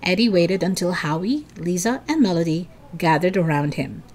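A woman storyteller reading a children's chapter book aloud in an expressive, dramatic way. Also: lowish voice, normal speed.

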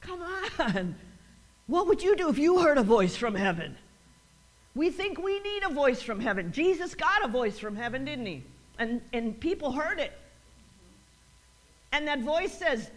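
A woman's voice: sits high, sing-song, a little slow, pauses often. A woman pastor preaching a sermon, repeating lines for emphasis and acting out quoted voices. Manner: call-and-response preaching, rising to emphatic repeats; acts out quoted voices with laughs.

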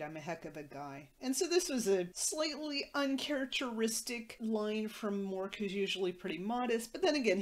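A woman podcast host recapping a TV episode in a matter-of-fact way with wry asides. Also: mid-range voice.

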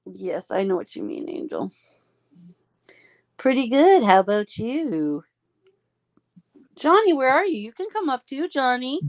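A woman's voice: sits high, sing-song, unhurried, long pauses. A woman hosting a casual live stream, chatting affectionately with friends and laughing often.

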